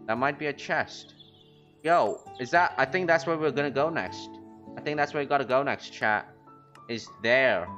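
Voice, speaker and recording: A man streaming a game, rambling casually to his chat with quick excited outbursts. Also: mid-range voice. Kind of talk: casual gaming commentary. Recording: lo-fi stream audio with faint music.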